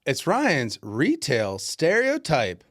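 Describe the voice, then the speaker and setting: A man's voice: mid-range voice, takes it slowly. A man co-hosting a podcast, telling a casual story and acting out the voices of the people in it. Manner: animated, acts out voices in his stories. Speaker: podcast co-host. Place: Pennsylvania.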